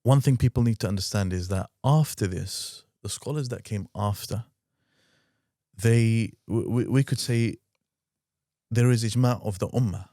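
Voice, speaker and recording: A man hosting a podcast discussion, speaking in a measured, emphatic way. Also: on the low side, mellow, dry recording, studio quality. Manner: measured, emphatic, backchannels often. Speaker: podcast host.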